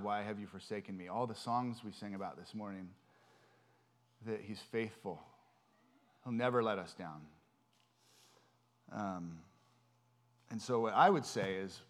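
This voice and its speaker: A man giving an informal, earnest sermon in a conversational way, with frequent ums and restarts. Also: on the low side. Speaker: preacher.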